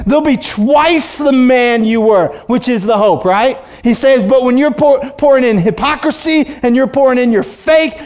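High-voiced man preaching animatedly. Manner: animated preaching, reads scripture slowly, acts out voices. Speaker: pastor. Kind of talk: sermon.

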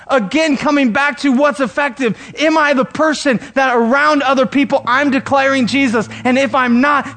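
Pastor, male, very high voice, energetic preaching over faint guitar. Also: normal speed, few pauses. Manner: animated preaching, acts out quoted voices. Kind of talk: sermon.

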